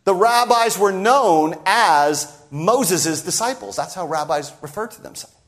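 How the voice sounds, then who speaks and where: A man preaching a sermon, talking straight to his listeners and acting out the voices in the story he tells. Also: unhurried. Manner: animated, sweeping pitch and loudness, acts out quoted voices.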